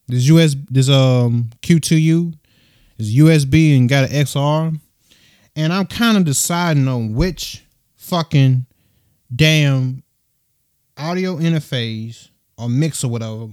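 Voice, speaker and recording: Young male podcast host, soft low-key voice, smooth and dry, loose slangy ramble. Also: dry recording. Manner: rambling, slangy, swears freely, many fillers. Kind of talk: casual solo podcast. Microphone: USB microphone into a phone.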